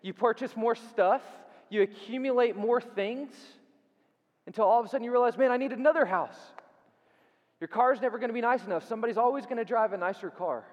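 High-voiced man preaching in a reverberant church. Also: dull audio. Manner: dynamic preaching that swings from loud and quick to hushed, drawn-out emphasis; repeats phrases for emphasis and asks the audience questions. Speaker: pastor. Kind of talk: sermon. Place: church sanctuary. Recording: long reverb in a church hall.

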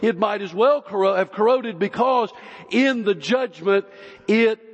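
A male pastor preaching a sermon, slow and emphatic, with long pauses between phrases. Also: sits high. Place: church sanctuary. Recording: dull, lo-fi recording with long hall reverb.

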